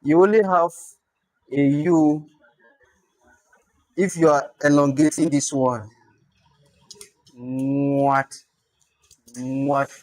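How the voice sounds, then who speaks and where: A man teaching a language class, explaining patiently and repeating words slowly. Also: on the high side, steady tone, a little mellow, dry recording. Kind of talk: classroom lesson.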